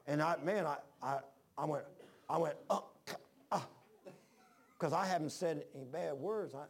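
A man's voice: fairly high pitch, brisk, breathy edge. Rambling folksy man preaching a sermon. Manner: homespun, rambling, frequent restarts; reads scripture in old-fashioned wording. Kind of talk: folksy sermon with personal stories.

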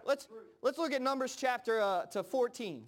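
A man's voice: very high voice, lively intonation, normal speed. A man preaching a sermon in a conversational way, acting out Bible characters in casual voices and often repeating himself. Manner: repeats words and phrases, frequent fillers.

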